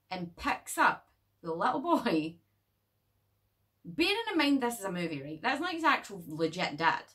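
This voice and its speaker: A woman casually reviewing a horror movie in a chatty, animated way, swearing freely. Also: medium pitch, recorded from a distance.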